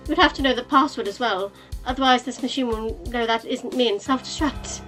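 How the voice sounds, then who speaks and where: A woman voicing a smug, flowery male villain in a visual novel reading, low and condescending. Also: a bit bright, soft background music, close to an everyday voice. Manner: condescending, drawn-out theatrical delivery. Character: smug honey-voiced male villain, flowery and self-assured.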